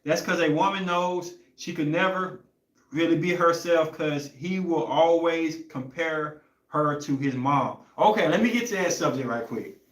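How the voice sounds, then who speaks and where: A young podcast host with a voice on the high side tells a story at a measured pace in a casual chat. He rambles loosely and searches for words, and the sound is roomy.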